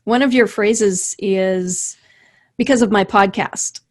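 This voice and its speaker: A woman's voice: medium pitch, slow. Woman hosting a podcast interview. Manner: warm back-channel, laughs and short reactions. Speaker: podcast host. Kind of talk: casual interview.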